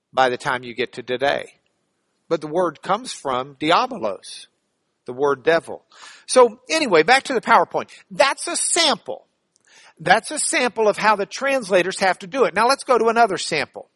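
A man's voice: high-pitched, a bit bright, no echo. A man teaching a church Bible class in a playful, joking way, spelling out words.

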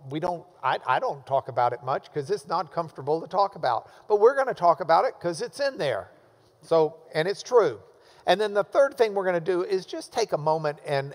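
A man's voice: on the high side, big-room sound. A man teaching a church Bible class in a conversational way, often restarting his sentences. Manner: conversational, with frequent restarts and repetitions.

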